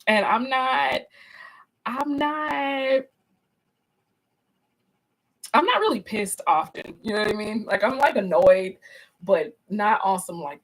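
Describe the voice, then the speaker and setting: A woman's voice: medium pitch, measured pace, pauses often, rough recording. A woman instructor talks with her class over a live stream, in a loose, chatty way, and she takes her time. She often restarts her sentences and calls her viewers y'all. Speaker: course instructor leading a live class discussion.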